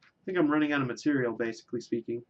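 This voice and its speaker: A man's voice: mid-range voice, steady tone, rapid-fire, muffled recording. A man delivering a rambling, self-deprecating comic monologue, with lots of filler words and restarts. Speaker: vlogger.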